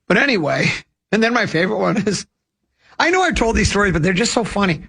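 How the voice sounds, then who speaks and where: Older male radio host, high-ish gravelly voice, rambling anecdotal chatter. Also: animated, fast talker, fairly bright tone. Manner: rambling, with many restarts and self-amused asides. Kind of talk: casual radio chat and storytelling.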